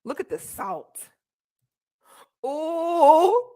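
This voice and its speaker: A young woman streamer telling a story as she reacts to a clip, expressive and laughing as she acts out what people said. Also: high-pitched, normal speed. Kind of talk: animated storytelling commentary.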